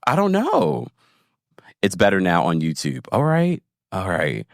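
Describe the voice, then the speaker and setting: A man's voice: low-pitched, a little slow, gravelly, dry recording, clean studio sound. A man in casual livestream chat, recapping a reality show and reading viewer comments aloud with laughs. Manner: animated, laughing, talks straight to viewers.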